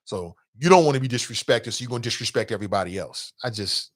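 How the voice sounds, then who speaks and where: A man's voice: medium pitch, expressive, fast. A man hosting a casual morning talk show, speaking off the cuff, often laughing and slipping into quoted voices. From Cincinnati area.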